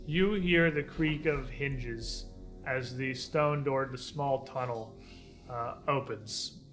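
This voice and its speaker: A man narrating a tabletop game as game master, describing scenes in a halting way with fillers. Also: medium pitch, a bit bright, soft background music.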